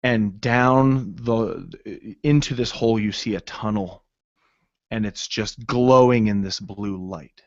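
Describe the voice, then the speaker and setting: Slow, low-voiced male game master. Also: dry recording, lo-fi sound. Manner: halting, many fillers. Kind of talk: narrating a tabletop game.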